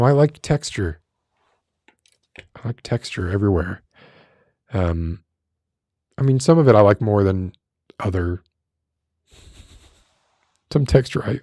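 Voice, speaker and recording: A man with a smoky, gravelly voice chatting loosely on a livestream, often breaking off mid-sentence and swearing casually. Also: on the low side, dark tone, dry recording, studio quality. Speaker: streamer. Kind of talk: casual rambling livestream chat.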